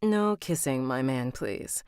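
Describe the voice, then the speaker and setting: A woman voicing a gracious middle-aged mother, with a soft Spanish-accented manner of speaking. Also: sits low, very animated, slow pace, no echo, clean studio sound, exaggerated voice. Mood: teasing. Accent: Spanish-accented English, attempted.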